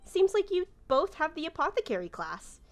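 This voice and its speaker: A woman's voice: high voice, big pitch swings, normal speed, soft background music. A woman running a tabletop game as game master, narrating casually with lots of fillers. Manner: casual, rambling with many fillers.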